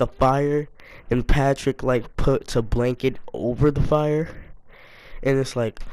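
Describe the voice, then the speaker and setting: A young man telling a casual story to his viewers, animated and self-mocking, full of slang. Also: mid-range voice, dry recording. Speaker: storytime YouTuber.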